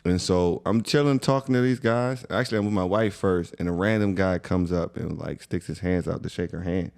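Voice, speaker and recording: Podcast co-host, young American man: very low, gravelly voice, relaxed slangy storyteller. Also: brisk. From USA. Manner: laid-back, conversational, slangy. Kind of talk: casual storytelling chat.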